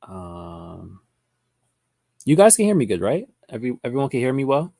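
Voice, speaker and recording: Gravelly man hosting a trading livestream. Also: mid-range voice, big pitch swings, normal speed, mellow, no room sound, clean studio sound. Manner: chatty, addresses viewers directly, reads chat comments aloud. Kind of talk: casual livestream teaching, answering chat.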